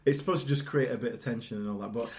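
A man discussing a film in casual chat, calm and analytical, often restarting his sentences. His voice is mid-pitched for a man. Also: a loud crowd. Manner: measured, analytical, hesitant restarts.

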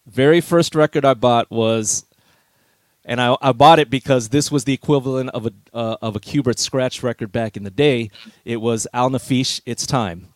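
A middle-aged man telling old stories at an easy, unhurried pace, chuckling often. His voice sits at an ordinary middle pitch. The sound is dry and close, with no room echo. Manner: easygoing, reminiscing, chuckles often. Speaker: veteran DJ guest. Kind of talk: relaxed storytelling interview.

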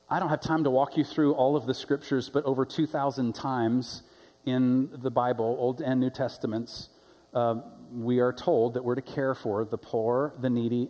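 A man's voice: mid-range voice, a little mellow. A man preaching a sermon as pastor, telling stories conversationally and then building to emphatic points. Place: church sanctuary. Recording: long church-hall reverb.

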